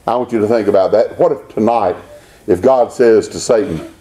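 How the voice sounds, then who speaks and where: A pastor preaching a Baptist sermon, rising into emphatic bursts and reading scripture aloud. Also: male voice, fairly low pitch, animated, brisk, warm tone.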